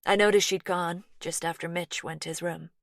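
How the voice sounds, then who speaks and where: Soft, nervous American woman with a firm twang, read by a female narrator; low, dry studio audiobook. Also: fairly even intonation, normal speed, gravelly, no echo. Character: anxious, softly spoken American woman.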